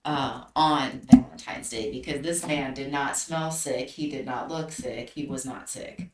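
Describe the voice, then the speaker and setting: Unhurried giggly woman, roomy and distant. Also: rumbling low, fairly even intonation, background noise. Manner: giggly, quick to react. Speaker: podcast co-host. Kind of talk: casual podcast chat. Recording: roomy sound, away from the mic.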